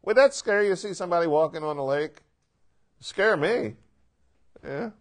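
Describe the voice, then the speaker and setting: An animated man leads a Bible class and talks through the reading in a casual, conversational way. He keeps asking his listeners questions and acts out the quoted lines as he goes. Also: on the high side, normal speed. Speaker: Bible teacher.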